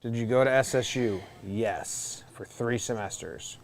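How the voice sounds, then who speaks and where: A man's voice: medium pitch, unhurried. A man co-hosting a baseball podcast, chatting loosely and joking while watching a game. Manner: joking, loose, swears casually. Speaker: podcast co-host. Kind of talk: casual chat watching a game.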